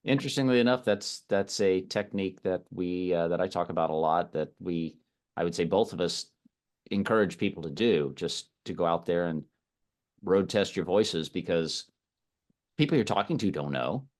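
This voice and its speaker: Deep-voiced man co-hosting. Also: moderate pace. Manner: thoughtful, stops and restarts. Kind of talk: interview chat.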